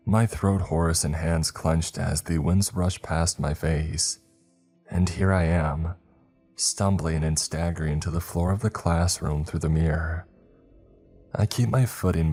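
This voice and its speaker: A man narrating a first-person horror story in a slow, measured way. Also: a bass voice, mellow, husky. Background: faint music.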